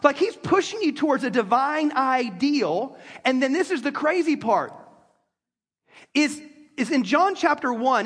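A man preaching a sermon to a congregation in a lively, conversational way. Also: extremely high pitch, measured pace, husky. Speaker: pastor. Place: church sanctuary with congregation. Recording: long reverb of a large hall.

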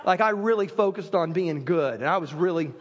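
A man's voice: high voice, lively intonation, a little fast, big-room sound, muffled recording. A man preaching a sermon as a pastor, telling stories with self-deprecating humor.

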